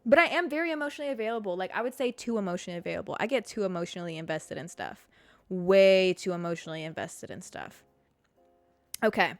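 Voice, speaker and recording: A young adult woman hosting a podcast alone, talking candidly about herself, swearing freely and laughing often, her voice jumping high when she reacts. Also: fast, no room sound, faint music behind. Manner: animated, jumps to high pitch when reacting. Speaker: podcast host. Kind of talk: casual solo podcast chat.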